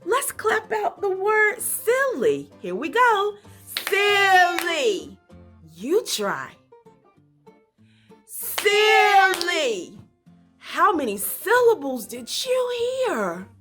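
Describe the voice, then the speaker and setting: A woman teacher talks small children through a phonics lesson, high-pitched and very slow. Her voice swoops up and down in an encouraging sing-song full of questions. Faint music plays underneath. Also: fairly bright tone.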